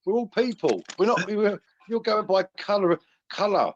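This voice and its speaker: Brash high-voiced man, lo-fi. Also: lively intonation, normal speed, slight background noise. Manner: brash, rambling, laughs at his own jabs. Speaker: host. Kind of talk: heated online debate.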